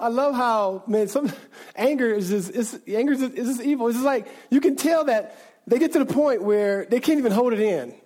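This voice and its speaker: A man's voice: high voice, a little mellow. A man preaching a sermon as a pastor, talking conversationally with frequent restarts and asides to the congregation.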